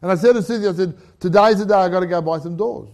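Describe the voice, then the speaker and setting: A man's voice: sits high, fast. A middle-aged Australian man preaching a testimony, telling a story with acted-out dialogue and laughter. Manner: animated storyteller who acts out dialogue and laughs.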